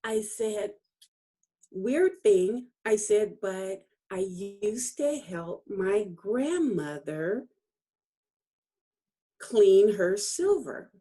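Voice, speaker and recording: A woman's voice: medium pitch, extremely slow. A middle-aged woman, a guest author, telling a personal story in a casual interview, acting out the dialogue and laughing often as she remembers. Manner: animated storytelling, acts out quoted dialogue; laughs often while recalling.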